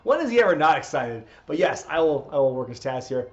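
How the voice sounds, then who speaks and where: A man's voice: fairly high pitch, big pitch swings, fast. Chatty man reacting to wrestling, muffled. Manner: chatty, laughing, reacting to the action. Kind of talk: casual live watchalong commentary. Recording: muffled lo-fi audio.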